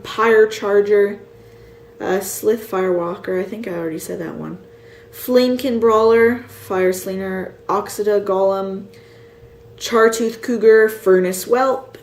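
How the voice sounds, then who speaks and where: A sleepy woman at home drawls through a list of card names at a slow, unhurried pace, now and then unsure how one is said. Her voice bounces around an echoey room, with a faint hum of ambience behind it. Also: medium pitch, a little mellow. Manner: reads card names slowly, unsure of pronunciations. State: tired, yawning. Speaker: card collector showing a set. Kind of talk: casual show-and-tell.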